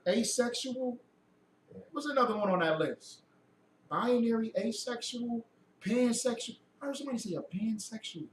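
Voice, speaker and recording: High sharp-voiced guy preaching to a group, mocking rhetorical questions, echoey room, mic far off. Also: animated, moderate pace, slight background noise. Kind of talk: heated lecture to a group.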